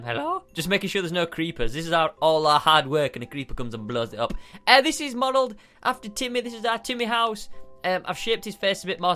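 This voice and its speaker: A man's voice: on the high side, sharp tone. A young man giving bubbly, chatty gameplay commentary as a video game host, often giggling and using fillers.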